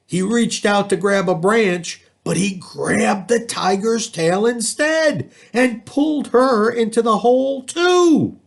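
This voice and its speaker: A man reading a children's storybook aloud, expressive and lively in his storytelling. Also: sits high, slow pace, vocal fry, few pauses. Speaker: school district reader.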